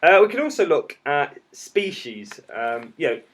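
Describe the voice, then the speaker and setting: A man's voice: fairly high pitch, big pitch swings, unhurried, fairly bright tone. A man in his thirties who teaches geography, explaining step by step with jokes in a casual podcast. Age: 30s.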